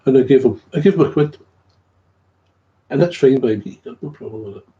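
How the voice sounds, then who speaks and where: A man's voice: mid-range voice, expressive, brisk. A man in a casual, rambling monologue about his recovery, repeating himself and chuckling often. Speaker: recovering alcoholic sharing his story. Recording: dull lo-fi recording.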